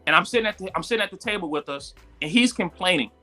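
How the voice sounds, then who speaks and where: A man telling a story in casual live-stream talk, animated and full of "like" and "yo", jumping high when he quotes people. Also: very fast, soft background music. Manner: animated, acts out quotes with sudden high pitch jumps; frequent fillers "like" and "yo". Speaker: guest entrepreneur.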